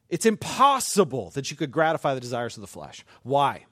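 A middle-aged male pastor preaching a sermon with passion, building to near-shouts and often restarting his sentences. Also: medium pitch, big pitch swings, a little fast, few pauses, no room sound, clean studio sound.

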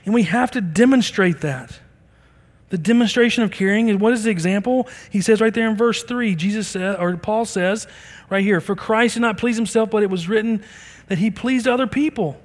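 Male pastor, middle-aged, high voice, earnest conversational sermon, echoing hall. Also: normal speed. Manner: earnest, conversational preaching with acted-out dialogue.

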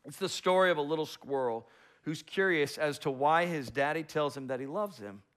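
A man's voice: on the high side, moderate pace, a bit bright. A man preaching a sermon as pastor, driving his points home with repetition and rhetorical questions.

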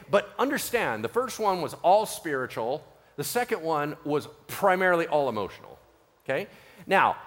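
Animated pastor preaching in a hall. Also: male voice, on the high side. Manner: animated, conversational, acts out quoted voices. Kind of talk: sermon.

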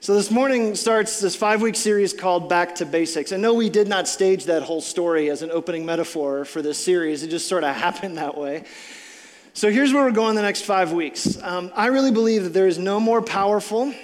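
A man preaching from the front of a church, telling a story in an animated, conversational way with lots of "like" and "I'm like". His voice sits unusually high for a man. It rings with the long reverb of a large hall. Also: fairly quick. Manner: animated storytelling, casual filler words. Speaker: pastor. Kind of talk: sermon.

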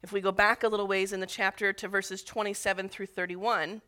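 Brisk and flat in delivery, her medium-pitched voice clean and sharp, a woman gives an earnest, emotional sermon. She retells scripture and memories of her own, and her intensity climbs on the appeals.

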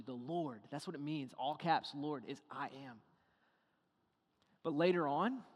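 A man preaching a sermon, animated, firing rhetorical questions and acting out little dialogues. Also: a little high, in a large hall. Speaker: pastor.

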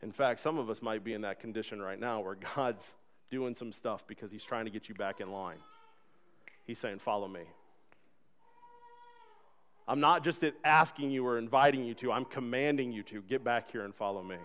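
A man's voice: medium pitch, brisk, a bit bright. A man in his thirties preaching a sermon, earnest and conversational, acting out voices in the stories he tells. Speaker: pastor.

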